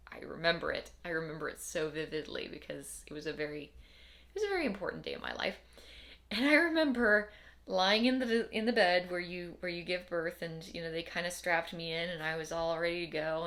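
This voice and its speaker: Low, gravelly-voiced woman vlogging casually. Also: a bit bright. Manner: rambling, repeats herself, wry and tired. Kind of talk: casual personal vlog.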